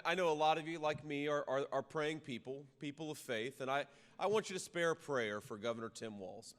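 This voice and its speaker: Bright-voiced man at a rally podium. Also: a little high. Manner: conversational, with frequent restarts and repeated words; rises to loud punchy applause lines. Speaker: political candidate addressing a rally. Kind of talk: campaign rally speech. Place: large reverberant rally venue. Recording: long reverb of a rally hall, faint ambient noise.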